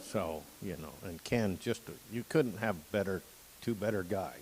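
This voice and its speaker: An older man, a guide dog client, giving an emotional, folksy graduation speech with pauses and throat-clearing. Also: sits low, a little mellow, big-room sound, slight background noise, rough recording. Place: outdoor campus stage with audience.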